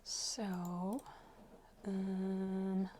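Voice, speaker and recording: A young adult woman streaming while she crafts, chatting casually and rambling softly as she thinks aloud. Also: medium pitch, completely flat delivery, very slow, background noise.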